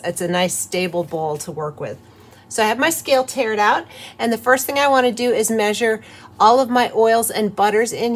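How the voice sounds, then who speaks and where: Cheerful chatty woman teaching a craft. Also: medium pitch. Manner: cheerful and chatty, with soft laughs. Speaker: host of a soap-making channel. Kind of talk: craft tutorial, talking through steps.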